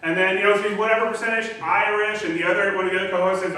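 A man's voice: high-pitched, steady tone, very fast, pushed and bright. A man preaching a sermon as pastor, in a casual, chatty way with frequent ums and restarts. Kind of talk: conversational sermon. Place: church sanctuary. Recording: very echoey hall, distant mic, faint hiss.

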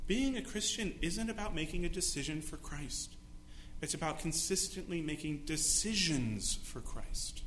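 A man preaches in an echoey church, his fairly high, bright voice carrying over a faint hum. He delivers a sermon, acting out little scenes in different voices to make his point. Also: expressive, normal speed. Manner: preaching with dramatic acted-out quotes. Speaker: pastor. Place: church sanctuary.

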